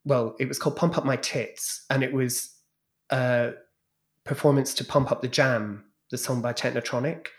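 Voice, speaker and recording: A man's voice: mid-range voice, moderate pace. A man, a guest in an interview, telling frank, bawdy stories about his past stage acts. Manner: frank, bawdy, animated storytelling. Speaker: guest, former club DJ and drag performer. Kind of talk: anecdotal storytelling in a podcast interview.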